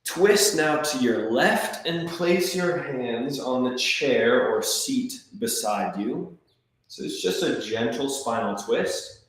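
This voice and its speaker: A man coaching a breathwork class, calmly counting and giving gentle step-by-step cues. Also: mid-range voice, slow pace. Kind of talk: guided breathwork class instruction. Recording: very echoey room.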